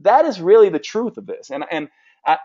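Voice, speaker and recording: Forceful, blunt male health coach. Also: high voice, sing-song, a little fast, lo-fi sound. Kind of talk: live training session answering questions.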